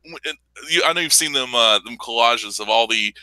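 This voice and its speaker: A man's voice: medium pitch, a little fast, bright, forceful tone, smooth, no echo, low-quality recording. A man hosting a podcast, talking in casual, profane, mocking chat and laughing often. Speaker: podcast host.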